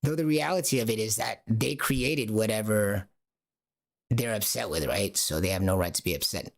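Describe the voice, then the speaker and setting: A man's voice: lowish voice, moderate pace, creaky. A man talking alone on a livestream, rambling and asking rhetorical questions. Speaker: streamer. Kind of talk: casual livestream monologue.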